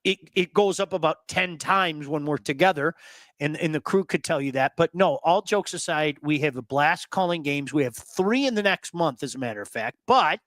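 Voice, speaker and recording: A man hosting a casual hockey talk show, telling blunt, animated stories and repeating words for emphasis. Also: a little high, moderate pace, dry recording. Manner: blunt, swears.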